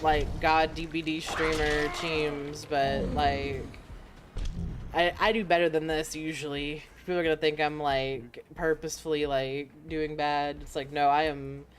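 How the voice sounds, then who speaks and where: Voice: mid-range voice, little pitch movement, a little slow, a little hiss or hum. A streamer from the United States talking casually while playing, laid-back, sheepish and slangy. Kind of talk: casual game stream talk.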